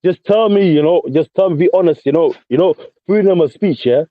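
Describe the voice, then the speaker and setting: A man's voice: fairly high pitch, fairly quick, no room sound. A man with a London accent calling into a voice chat, ranting combatively and repeating himself, calling everyone mate and bro. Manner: combative, repetitive, peppers speech with mate and bro. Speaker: caller in a voice chat. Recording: dull lo-fi voice chat audio.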